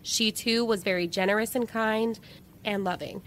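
Giggly bright-voiced woman podcast host. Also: mid-range voice, steady tone, slight background noise. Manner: giggly, emotional, quick to laugh. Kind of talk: casual chat, reading listener messages.

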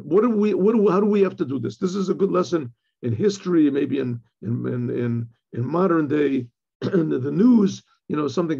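A rabbi in his own informal teaching voice, rather high-pitched for a man, yet gravelly and husky with a mellow, dark tone. He explains texts haltingly, restarting phrases and clearing his throat as he goes. The recording sounds dull and lo-fi. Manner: halting, repeats words, often clears his throat, mixes in Hebrew terms. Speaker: rabbi teaching a Torah class. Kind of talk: informal Torah lecture.

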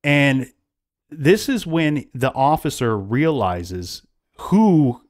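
A man's voice: mid-range voice, lively intonation, drawn-out words. A man hosting a casual true-crime podcast, retelling events at length with frequent restarts. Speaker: podcast host.

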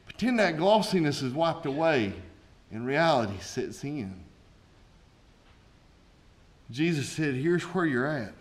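A man's voice: fairly high pitch, sing-song, unhurried, pauses often, fairly bright tone. A man, a pastor preaching a sermon with folksy asides and rising intensity.

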